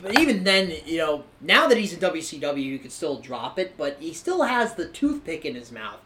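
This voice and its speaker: A woman's voice: deep voice, big pitch swings, normal speed, fairly bright tone. A woman co-hosting a podcast, playfully recapping wrestling with plenty of profanity. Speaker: podcast co-host. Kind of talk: casual wrestling recap chat. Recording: roomy echo.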